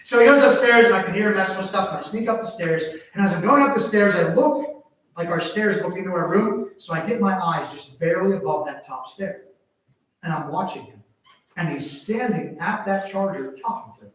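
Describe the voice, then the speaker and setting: A man preaching a sermon, telling a family story in an animated way that swings from hushed asides to loud exclamations. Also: high-pitched, a little fast. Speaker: pastor. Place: church sanctuary. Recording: echoey church hall from far off.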